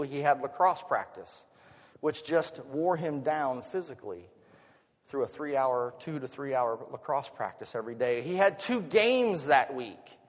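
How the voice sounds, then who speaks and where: A middle-aged man preaching a sermon as pastor, dropping to a hush and then rising loud in an expressive delivery. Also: medium pitch. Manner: expressive, swinging from hushed to loud. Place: church sanctuary. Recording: long reverb of a hall.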